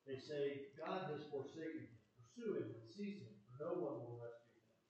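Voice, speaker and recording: A man reading scripture aloud in a steady, measured way, heard echoey and muffled from far off the mic. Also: a little high. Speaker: scripture reader.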